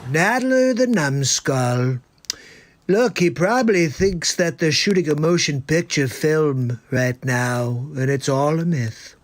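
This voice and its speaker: A man's voice: fairly high pitch, animated, pitched above the performer's own voice. A man doing a comedic impression of a brash older male politician who mocks opponents with insulting nicknames. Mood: mocking. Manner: mocking, insulting nicknames, slow deliberate delivery.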